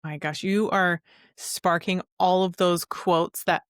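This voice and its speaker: A woman's voice: lowish voice, steady tone, slow pace, dry recording, clean studio sound. Enthusiastic woman podcast host. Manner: enthusiastic, gushing reactions. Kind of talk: casual interview chat.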